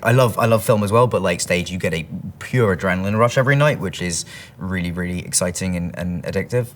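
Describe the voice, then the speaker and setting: Man, 30s, London English accent, lowish voice, casual interview answers, self-deprecating. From England. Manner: chatty, self-deprecating, quick asides. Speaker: actor answering interview questions. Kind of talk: casual interview answers, reading questions aloud.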